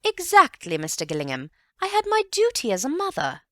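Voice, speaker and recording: A woman's voice: sits high, huge pitch swings, fairly quick, pushed and bright, no echo, studio quality, voice pushed up, heavily acted. Woman voicing a gushing, indignant society mother. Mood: emphatic. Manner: emphatic, gossipy and self-important. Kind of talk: audiobook character voice.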